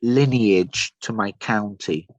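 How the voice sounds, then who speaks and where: A man's voice: lowish voice, slow, no echo. An English man from Somerset, a musician guest telling rambling, enthusiastic stories in a casual podcast chat. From Somerset, England. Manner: rambling, enthusiastic storytelling with many fillers.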